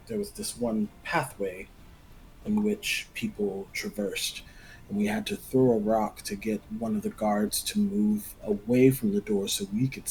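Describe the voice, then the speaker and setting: A man's voice: lowish voice, vocal fry, warm tone, a little hiss or hum, low-quality recording. A man playing a tabletop game who thinks aloud and plans each move step by step. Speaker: player.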